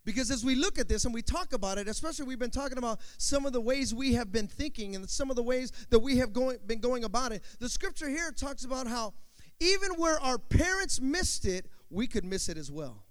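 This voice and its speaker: A man preaching a sermon, calling out to the congregation for amens and swinging between loud and soft passages. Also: very high-pitched, animated, fairly quick. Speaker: pastor. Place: church sanctuary. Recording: long hall reverb.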